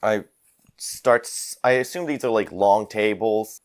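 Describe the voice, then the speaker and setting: A man's voice: on the low side, a little slow. A man casually describing his character's actions as a player, searching for words. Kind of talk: tabletop game play.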